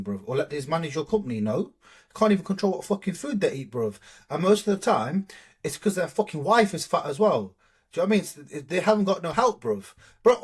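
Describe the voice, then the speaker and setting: Husky, foul-mouthed man. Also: fairly high pitch. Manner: swears a lot and retells stories animatedly, acting out both sides. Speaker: bodybuilding coach and podcast co-host. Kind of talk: casual podcast chat.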